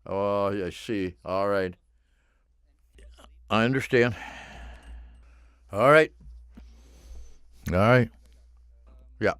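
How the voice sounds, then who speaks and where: A man's voice: fairly low pitch, extremely slow, pauses often, a bit bright, smooth, dry recording, clean studio sound. A man recording a voice-over and chatting with the director about how to read the lines, in a questioning, self-aware way. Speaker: voice-over narrator.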